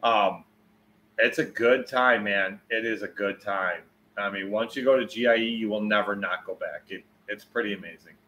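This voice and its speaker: Low-voiced man rambling on a livestream. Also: moderate pace, slight background noise. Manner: rambling, swears freely, loud bursts when retelling. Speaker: livestreamer answering chat. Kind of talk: casual livestream chat.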